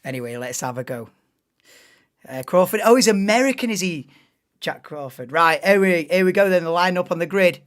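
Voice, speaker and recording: A man's voice: high voice, lively intonation, normal speed, a bit bright. A man doing casual live race commentary on a stream, chatting and thinking aloud between calls of the action.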